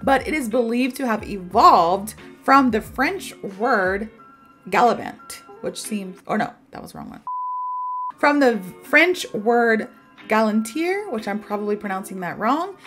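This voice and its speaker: A woman, teaching an English word in a chatty, animated way full of stories and fillers. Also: a little high, unhurried, music in the background. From American South. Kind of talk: casual video lesson.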